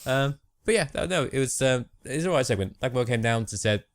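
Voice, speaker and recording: A young man co-hosting a podcast, chatting casually about wrestling with a relaxed, hesitant manner and frequent laughs. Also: medium pitch, fast talker, no echo. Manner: laid-back, laughs often, hesitant with ums. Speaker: podcast co-host.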